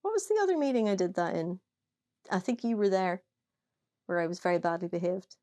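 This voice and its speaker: A woman co-hosting a casual chat show with an Irish accent, telling animated stories, swearing and laughing often. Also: fairly low pitch, a little fast. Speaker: podcast co-host.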